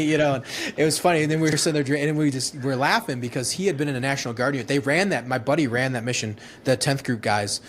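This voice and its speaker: A man in his thirties, a former Marine, tells his stories in a loose, profane, laughing way. His voice sits at an ordinary middle pitch. Faint background noise runs under the recording. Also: quick pace. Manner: rambling, profane, laughing retelling with many restarts. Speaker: guest, former Marine infantryman. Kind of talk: casual storytelling interview.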